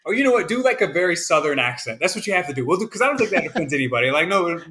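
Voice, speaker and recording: Laid-back man with a bright voice. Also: on the high side, sing-song, racing. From American South. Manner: laid-back, says "man" often, rambling with fillers. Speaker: podcast co-host. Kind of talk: casual chat.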